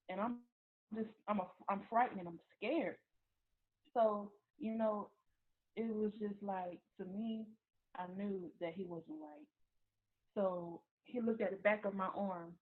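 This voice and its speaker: A woman giving a personal testimony, talking haltingly with many restarts and repeated words. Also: medium pitch. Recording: tinny phone-like recording.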